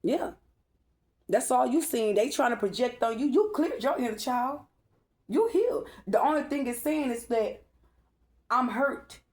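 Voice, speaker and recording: A woman's voice: a little high, lively intonation, unhurried, darkish tone. A woman giving a casual spiritual reading, emphatic and profane, talking straight to her viewers. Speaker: spiritual tarot reader.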